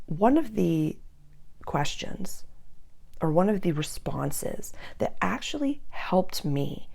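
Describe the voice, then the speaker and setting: A woman's voice: lowish voice, sing-song, slow pace, gravelly, darkish tone. A woman giving an earnest spiritual astrology talk to her listeners. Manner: earnest, drops to a whisper for emphasis.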